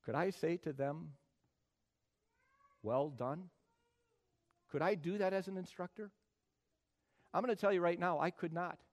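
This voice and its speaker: A middle-aged man preaching a sermon as pastor, building from quiet talk to loud, emphatic passages. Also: high voice, a little slow, pauses often.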